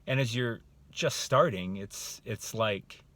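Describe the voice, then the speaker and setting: A man's voice: fairly low pitch, slow pace, fairly bright tone. A middle-aged man talking casually in a motivational monologue, acting out different tones of voice to make his points. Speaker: motivational speaker.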